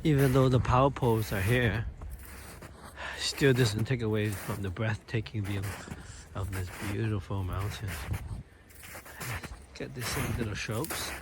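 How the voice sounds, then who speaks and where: A man's voice: lowish voice, noisy background. A man vlogging on a hillside trail near a waterfall, awestruck and often exclaiming over the view. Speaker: nature vlogger. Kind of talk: casual narration while walking outdoors.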